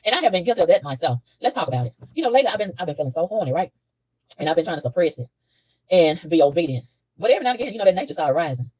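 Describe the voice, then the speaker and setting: Animated woman preaching to camera, fast and lively. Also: lowish voice, husky, no room sound, low-quality recording. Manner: animated, preachy, laughs often, repeats words. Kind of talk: casual spiritual monologue to camera. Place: hotel room.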